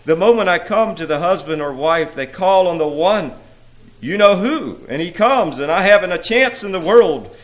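A man's voice: high voice, lively intonation, normal speed, voice pushed up. A man voicing a sly, shriveled male imp who complains and pleads. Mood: desperate.

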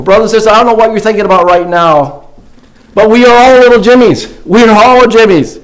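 A man's voice: high-pitched, fairly quick, rough recording. A man preaching a sermon in an earnest way that builds emphasis. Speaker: pastor.

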